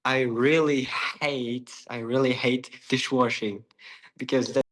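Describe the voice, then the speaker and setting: A man's voice: medium pitch, steady tone, measured pace, a bit bright, low-quality recording. A man whose first language is Uzbek answers English exam questions. He hesitates and restarts often. His grammar slips now and then. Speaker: IELTS test candidate.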